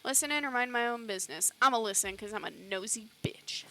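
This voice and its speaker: A woman's voice: fairly high pitch, fairly quick, pushed and bright, slight background noise. A woman streamer reading a story game's dialogue aloud live, putting on character voices and chatting between lines. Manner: chatty, reads dialogue aloud, self-commenting. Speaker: streamer playing a narrative game.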